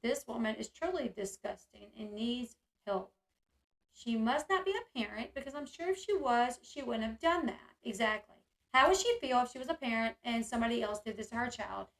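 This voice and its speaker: A woman's voice: a little high, lively intonation, moderate pace, echoey room. A woman hosting a live online discussion, reacting with indignation and answering viewers' comments. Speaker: channel host reading chat and commenting.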